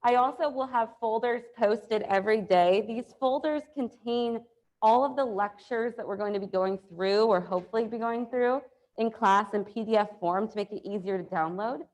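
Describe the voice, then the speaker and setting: A woman with a hoarse, allergy-worn voice, teaching an exam review class in a chatty, upbeat way with many fillers. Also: fairly high pitch, normal speed, a little mellow. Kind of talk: classroom lecture. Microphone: lapel mic.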